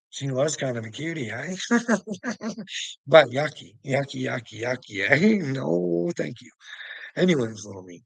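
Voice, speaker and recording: A man's voice: mid-range voice, vocal fry, a bit bright, breathy edge, dry recording, rough recording. A man rambling through a solo monologue, mocking and profane, breaking into laughter between nearly every phrase. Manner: profane and taunting. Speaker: vlogger.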